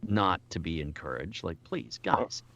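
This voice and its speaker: A man's voice: low voice, very animated, measured pace, gravelly, pushed and bright, muffled recording. A middle-aged man, a voice actor, chatting casually as an interview guest, with lots of restarts and self-deprecating asides.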